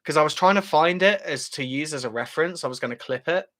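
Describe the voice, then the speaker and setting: A man's voice: a little high, fast talker, bright, forceful tone. A British man hosting a casual livestream, chatting as he reads out viewer comments, with frequent fillers and laughs. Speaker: channel host.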